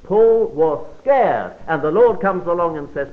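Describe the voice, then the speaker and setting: Man preaching a Bible study, fairly high voice, dramatic quiet drops, narrow phone-like audio. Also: measured pace. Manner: expressive, emphatic delivery with sudden drops to quiet.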